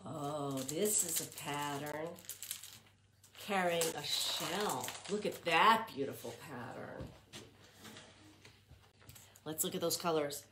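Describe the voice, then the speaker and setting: A woman's voice: low voice, takes it slowly, long pauses, reverberant, background noise. A woman librarian reading a picture book aloud to young children, chanting patterns in a sing-song and asking them questions.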